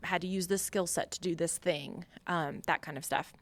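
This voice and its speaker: Animated woman telling a story. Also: fairly low pitch, normal speed. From Long Island, United States. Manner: animated storyteller, laughs often, acts out dialogue. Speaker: podcast guest. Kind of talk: casual storytelling interview.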